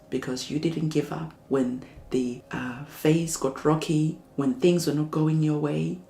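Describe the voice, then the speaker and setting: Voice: medium pitch, creaky, warm tone, echoey room. A tarot reader giving a spiritual reading in a soothing, reassuring way, repeating phrases as encouragement.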